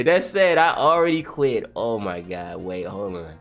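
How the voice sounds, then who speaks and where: A man reacting live to a comic as he reads it, excitable and profane, laughing often and swinging between high and low voices. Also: measured pace, hardly any pauses, faint music behind.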